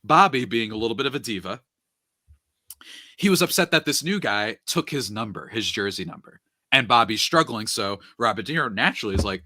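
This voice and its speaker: A man in casual podcast chat, retelling a movie plot with animated, running storytelling. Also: fairly low pitch, a little fast, no room sound, studio quality. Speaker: podcast speaker.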